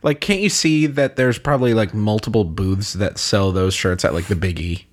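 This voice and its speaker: A man's voice: lowish voice, moderate pace. A man in casual podcast chat with a wry tone who laughs through many of his lines.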